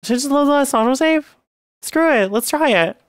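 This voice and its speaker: A young woman streaming a horror game, chatting to her viewers and swearing and yelling when the game frustrates her. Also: high-pitched, expressive, fairly quick, no echo. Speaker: VTuber streamer. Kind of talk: casual gameplay commentary.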